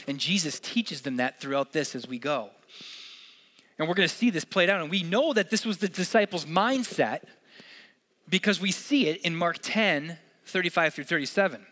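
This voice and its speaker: Bright high-voiced male preacher. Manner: conversational, earnest preaching with casual asides. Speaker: pastor. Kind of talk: sermon.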